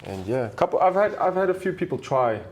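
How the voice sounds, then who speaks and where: A man's voice: a little high, quick pace, a little hiss or hum. A young South African man, a travel video maker, casually telling stories as an interview guest and acting out the voices of people in them. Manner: animated, acts out voices in his stories. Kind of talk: casual storytelling.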